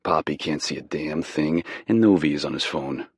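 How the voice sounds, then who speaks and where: A man narrating a romance audiobook in the first person, with a slow, intimate, low-key delivery. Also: slightly rough, no room sound, studio quality.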